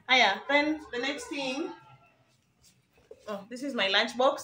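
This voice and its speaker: A young woman talks through a home shopping vlog in a chatty, self-mocking way. Her voice sits a little high and rings bright and clear. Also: measured pace, slight background noise. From Kenya. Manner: chatty, laughs at herself. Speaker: vlogger. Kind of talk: casual vlog chat.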